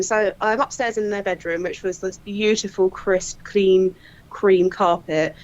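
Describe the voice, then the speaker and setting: A woman, a crime scene investigator telling lively anecdotes and acting out what people said, often laughing. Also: mid-range voice, measured pace, highs cut off. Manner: lively, laughing storyteller who acts out quotes.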